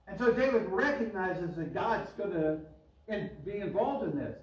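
A man's voice: high voice, normal speed. A man preaching a sermon as pastor, in a chatty way, pushing his voice up on the words he stresses. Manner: conversational preaching, rising emphatic on key words. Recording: roomy echo, mic at a distance.

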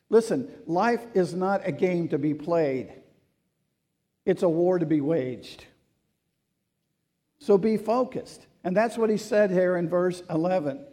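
A male pastor delivers a sermon in a high, mellow voice. He keeps it conversational, with rhetorical questions and asides. His tone stays earnest and urging throughout. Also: a little slow.

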